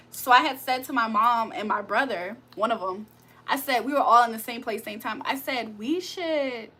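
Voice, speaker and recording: A woman's voice: on the high side, fairly bright tone. A woman hosting a casual live stream, reading viewer comments aloud and joking around with plenty of laughter and loose slang. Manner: playful, joking, laughs often; slangy, loose street-style talk. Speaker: livestream host.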